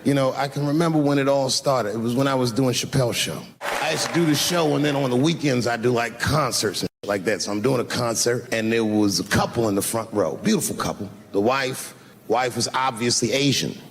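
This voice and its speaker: A man doing stand-up storytelling, animated and swinging between low mutters and high exclaims. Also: fairly quick. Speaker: stand-up comedian. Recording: echoey hall with faint noise.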